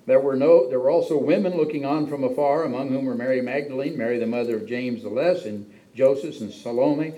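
A man's voice: fairly quick, few pauses, mellow, poor audio. A man preaching a sermon, reading Bible verses aloud and explaining them in his own words, with frequent emphatic rises in his voice. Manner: reads scripture then explains it, with frequent emphatic pitch rises. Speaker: pastor.

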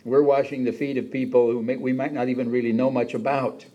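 A man's voice: mid-range voice, little pitch movement, a little fast, mellow, lo-fi sound. A man preaching a sermon in a conversational way, acting out the quoted lines with a raised voice. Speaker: pastor.

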